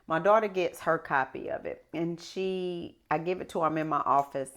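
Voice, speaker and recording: Low-voiced woman telling her story. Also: normal speed. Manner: animated, emphatic storyteller. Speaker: podcast guest. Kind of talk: casual conversational storytelling.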